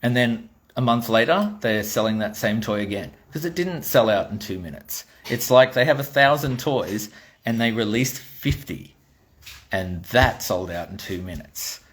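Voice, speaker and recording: A man's voice: on the low side, animated, normal speed. Blunt ranting Australian man. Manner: blunt, exasperated, swears freely. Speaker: toy designer. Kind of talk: ranting monologue.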